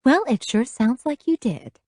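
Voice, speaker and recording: Narrator playing a devout, lecturing middle-aged mother, lively, preachy, in a dry audiobook read. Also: mid-range voice, moderate pace, dry recording, voice pushed up, close to an everyday voice. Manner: lecturing, instructive, finger-wagging.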